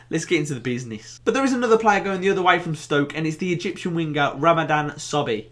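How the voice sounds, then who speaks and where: A young man with a Birmingham accent hosting a casual football vlog, animated and jokey, with bursts of excitement. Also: a little high. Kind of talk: casual to-camera football chat.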